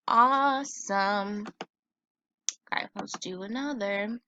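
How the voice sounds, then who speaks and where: A woman teacher giving a recorded phonics lesson for children, sounding out words slowly and patiently. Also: medium pitch, sharp tone, highs cut off.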